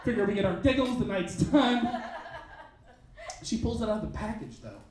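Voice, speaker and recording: A male stand-up comedian telling a story on a comedy club stage, with an animated, punchy delivery and quick asides. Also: high-pitched. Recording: roomy club sound, mic at a distance.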